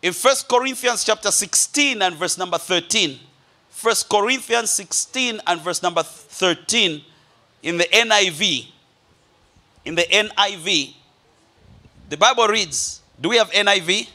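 At a church service, a male pastor preaches a sermon to his congregation, speaking emphatically, repeating key phrases, and addressing listeners as beloved. His voice is high-pitched and bright, with a forceful tone and a measured pace.

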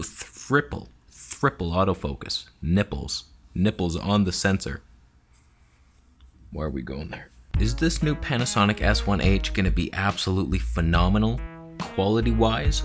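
Deep-voiced man in a sarcastic rant. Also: sing-song, normal speed, faint music behind. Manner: sarcastic, exasperated ranting. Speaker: vlogger. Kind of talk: comedic camera rant.

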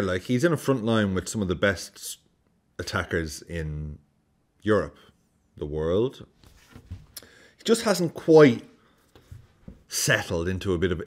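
A man chatting through a match in his vlog. His low voice swings a lot in pitch as he swears freely and acts out his reactions. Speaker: football vlogger. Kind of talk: casual match commentary.

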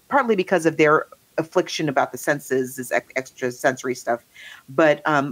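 A woman's voice: low voice, dry recording. A woman co-hosting a podcast, chatting casually and enthusiastically. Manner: chatty, enthusiastic, voices quoted people playfully. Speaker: podcast co-host. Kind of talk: casual chat.

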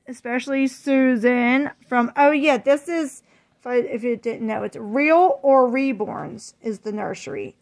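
High-voiced woman, home phone vlog, chatty and gushing, loose and unscripted. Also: gravelly, a bit bright. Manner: chatty and gushing, frequent fillers and apologies. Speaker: vlogger. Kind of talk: casual unboxing vlog.

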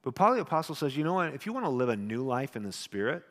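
A middle-aged male pastor giving a sermon with a personal story, animated and loud at times, then hushed and tender. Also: medium pitch, fast. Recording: long hall reverb.

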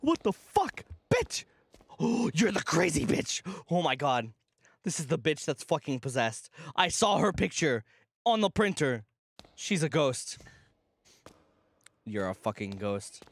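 A young man streaming a horror game, rambling nervously and breaking into panicked shouts. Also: mid-range voice, animated, unhurried, pauses often. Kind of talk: horror game livestream commentary.

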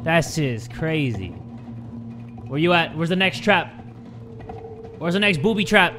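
A young man giving jokey, excitable commentary while playing a game, jumping between loud yelps and low mutters. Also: slow, music in the background. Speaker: gaming YouTuber. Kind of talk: let's play commentary.

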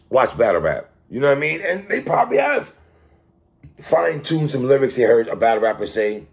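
A man hosting a casual hip-hop commentary monologue, animated and quick to laugh and exclaim. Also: medium pitch, creaky.

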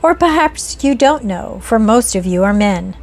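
A woman reading a Victorian ghost story aloud in an earnest, measured first-person narration. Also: on the high side, lively intonation.

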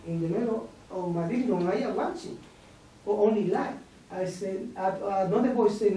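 A man whose first language is Spanish, leading a meditation group and telling a spiritual experience in halting, broken English with restarts. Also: high voice, dark tone. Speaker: meditation leader. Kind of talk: personal spiritual testimony. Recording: roomy echo, distant mic, faint noise.

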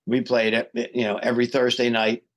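A man's voice: mid-range voice, fairly quick. A man, a guest singer, telling a story in casual podcast talk and acting out the quoted dialogue. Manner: animated, acts out quoted dialogue.

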